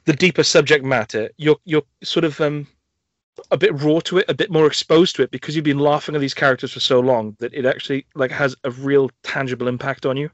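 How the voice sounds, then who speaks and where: A young man talks films on a podcast, piling up "like" and "um" as he retells scenes he loves. His voice sits at an ordinary middle pitch. The recording is muffled and lo-fi, with a dry sound and no room echo. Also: fairly even intonation, fairly quick. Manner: enthusiastic, rambling storyteller with many fillers and restarts. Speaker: film podcast host. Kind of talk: casual chat reviewing films.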